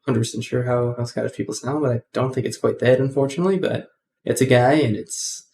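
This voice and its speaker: A man's voice: mid-range voice, fairly even intonation, fairly quick, creaky, dark tone. A man hosting a casual coding tutorial, rambling with many ums and self-corrections.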